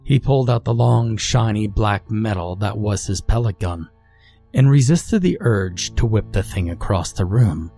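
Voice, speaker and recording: Low husky guy reading a creepy story, slow and brooding. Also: lively intonation, dark tone, faint music behind. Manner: slow, measured, brooding delivery. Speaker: narrator. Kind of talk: scripted horror story narration.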